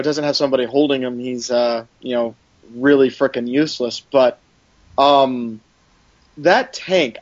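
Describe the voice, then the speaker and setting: A man's voice: mid-range voice, dry recording. A man on a casual podcast who rambles, with many fillers and false starts. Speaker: podcast guest. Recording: dry, muffled lo-fi audio.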